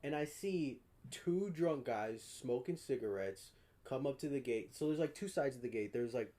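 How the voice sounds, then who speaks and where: A man's voice: medium pitch, lively intonation, normal speed, dark tone. A young man co-hosting a podcast, telling a rambling, profane story in a laid-back, casual way. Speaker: podcast co-host.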